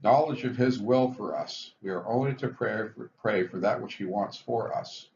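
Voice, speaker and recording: A man explaining the twelve recovery steps in a measured, explanatory lecture, stressing each step heading. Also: on the low side, gravelly, a little mellow. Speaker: physician teaching addiction recovery. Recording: dull lo-fi recording with faint hiss.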